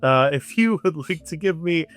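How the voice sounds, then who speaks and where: A man narrating as game master in a halting, filler-heavy way. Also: fairly high pitch, animated, fairly bright tone, faint music behind.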